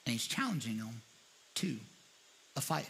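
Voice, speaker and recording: A man's voice: medium pitch, very animated, moderate pace, a bit bright, husky. A man preaching a sermon as a guest pastor, telling the story casually and acting out the quotes. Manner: storytelling, acts out quotes in voices; casual, conversational.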